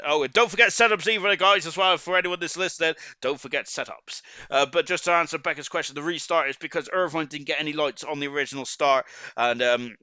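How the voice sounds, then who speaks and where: Bright-voiced Forest of Dean man commentating. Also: fairly high pitch, clear, resonant tone, no echo. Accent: Forest of Dean (Gloucestershire) English. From Forest of Dean, England. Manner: chatty, halting, full of ums and restarts. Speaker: sim racing league commentator. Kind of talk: live stream race commentary, reading chat.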